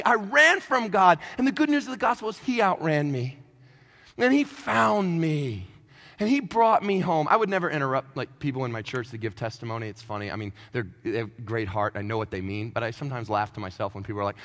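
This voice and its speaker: Animated high-voiced preacher in a hall. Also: male voice, brisk. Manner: animated preaching with joking asides, swings from quiet to shouting. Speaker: pastor. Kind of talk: sermon. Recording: echoey hall.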